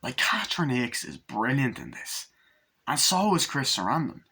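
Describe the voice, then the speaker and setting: Male reviewer, casual vlog, rambling and excited, swears a lot. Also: mid-range voice, moderate pace, husky. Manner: enthusiastic, rambling, swears freely. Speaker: movie reviewer.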